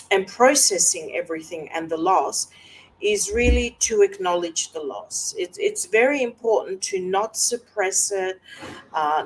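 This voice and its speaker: A woman host talking personally to camera, soft and halting with many fillers, at times close to tears. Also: medium pitch, a little hiss or hum, low-quality recording. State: emotional, close to tears at moments. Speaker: wellness coach and video host.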